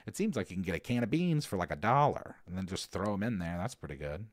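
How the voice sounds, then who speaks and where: A man's voice: low voice, very animated, fast, no echo. A man in his thirties from the American South, hosting a casual show and rambling through listener questions with lots of fillers and restarts. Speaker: podcast host answering listener questions. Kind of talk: casual chat.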